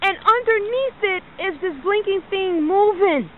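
A woman filming the night sky outdoors with a handheld camera, talking excitedly to her viewers and swearing often. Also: very high voice, moderate pace. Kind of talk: excited handheld vlog narration. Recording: tinny lo-fi camera audio with loud noise.

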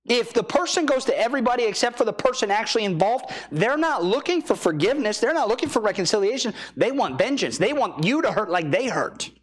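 Animated man preaching a sermon. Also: sits high, fast, few pauses. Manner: storytelling with acted-out quotes and laughter. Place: church.

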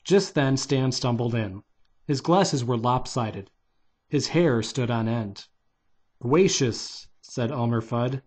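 A man's voice: mid-range voice, takes it slowly, darkish tone. A man reading a children's novelization aloud in a loose, unpolished way, stopping to redo lines. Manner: loose, unpolished delivery with restarts and "take two" retakes. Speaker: reader.

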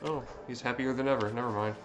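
A man giving live commentary on his own gameplay, swearing constantly and breaking into excitable outbursts. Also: medium pitch, fast. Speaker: let's play streamer. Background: game music.

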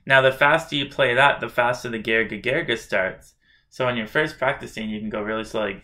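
Man teaching drum syllables over loud drumming. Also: mid-range voice, fairly quick, over loud music. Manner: breaks into loud rhythmic chanting of syllables. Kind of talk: instructional demo, chanting drum syllables.

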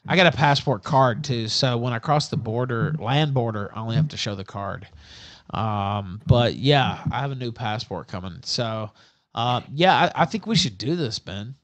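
A man's voice: mid-range voice, lively intonation, normal speed, dull audio. A man hosting a livestream in casual chat, brash, boastful and crude. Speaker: livestream host.

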